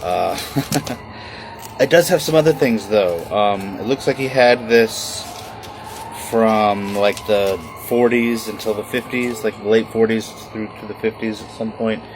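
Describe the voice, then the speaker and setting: Guy in his 30s vlogging at home, low voice, lots of ums and restarts, faint background hum. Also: a little slow. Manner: rambling, with many fillers and restarts. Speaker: vlogger documenting his inherited house. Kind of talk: casual home video diary.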